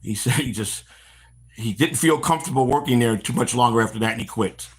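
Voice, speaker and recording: This stream host, a middle-aged man from the Chicago area, walks outdoors while recounting rambling stories from years ago, performing the quoted voices and often starting over. He talks a little fast in a slightly rough, mid-range voice.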